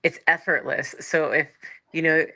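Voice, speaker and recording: Low bright-voiced reassuring woman. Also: steady tone, normal speed. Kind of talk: casual panel chat.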